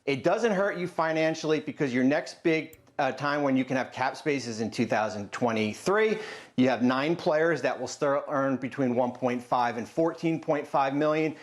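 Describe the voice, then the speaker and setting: A man analysing basketball trades in a debate, measured and matter-of-fact. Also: medium pitch.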